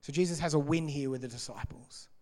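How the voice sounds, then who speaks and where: A man preaching a sermon, explaining scripture in a conversational, animated way. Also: fairly high pitch, a little fast, big-room sound. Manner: conversational and animated, laughing between points.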